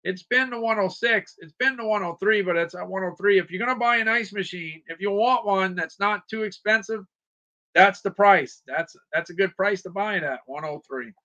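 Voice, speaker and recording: A man's voice: high voice, moderate pace, bright, forceful tone, lo-fi sound. A man hosting a casual livestream, rambling, repeating himself and greeting viewers by name. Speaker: livestream shopping host.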